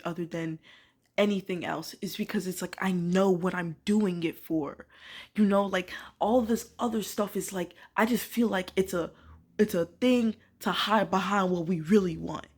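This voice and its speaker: A young woman ranting casually to camera, filling her talk with "like" and swearing, swinging from quiet musing to loud disbelief. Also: fairly low pitch, steady tone, a little slow. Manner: emphatic, swears, many filler "like"s. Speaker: vlogger.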